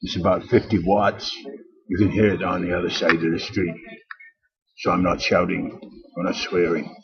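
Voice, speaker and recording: A man's voice: sits low, level tone, moderate pace, crowd noise. An older man from Britain, talking in a rambling, aggrieved monologue full of hesitations and restarts. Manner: digressive, aggrieved, with frequent hesitations. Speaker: vlogger. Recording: dull lo-fi recording.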